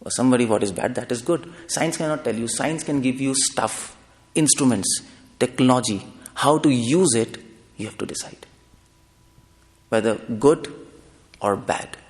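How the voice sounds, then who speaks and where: A man's voice: medium pitch, moderate pace. A man giving a public lecture. He speaks emphatically and keeps asking the audience rhetorical questions. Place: lecture hall. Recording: live talk in a reverberant hall.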